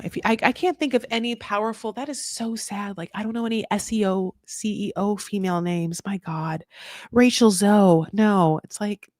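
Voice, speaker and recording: A woman hosting a casual show recap, talking in an animated, sarcastic, rambling way. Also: medium pitch, dry recording, clean studio sound.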